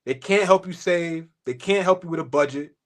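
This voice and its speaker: A man co-hosting a sports talk show, animated and profane, breaking into laughter. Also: fairly high pitch, normal speed. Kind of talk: casual sports chat.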